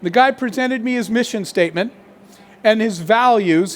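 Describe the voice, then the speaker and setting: A middle-aged man, a company founder, telling an animated leadership anecdote with quoted dialogue to an audience. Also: sits high, normal speed. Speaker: founder and CEO giving a masterclass. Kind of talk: storytelling keynote talk.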